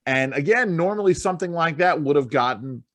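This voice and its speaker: A man's voice: on the high side, animated, a little fast, fairly bright tone, no room sound. A male co-host of a casual political talk show, rambling with restarts and frequent laughs. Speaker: podcast co-host.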